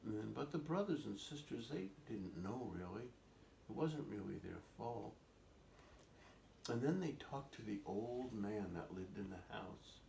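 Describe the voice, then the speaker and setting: A man telling a story to a child, gentle and coaxing, asking the listener questions as he goes. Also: fairly low pitch, lively intonation, measured pace, vocal fry. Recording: roomy echoing recording, faint noise.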